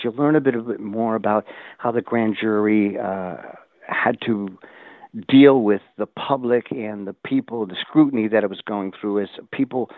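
An older man speaks as a call-in interview guest, wandering through his points and often restarting. He gets lively when he quotes others. His voice comes over a thin, tinny line that sounds completely dry. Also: on the low side, dry recording. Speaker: guest researcher. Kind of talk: casual interview talk.

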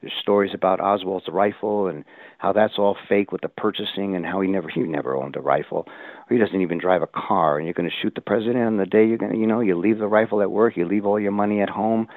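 An older man speaks as a call-in interview guest, wandering through his points and often restarting. He gets lively when he quotes others. His voice comes over a thin, tinny line that sounds completely dry. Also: fairly low pitch, quick pace, no echo. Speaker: guest researcher. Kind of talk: casual interview talk.

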